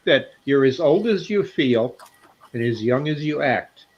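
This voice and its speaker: A man's voice: medium pitch, animated, a little slow. Older man in his seventies, rambling and laughing at himself, slightly dull call sound. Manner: rambling, self-deprecating, laughs often. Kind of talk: casual chat. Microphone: video call. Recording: slightly muffled call audio.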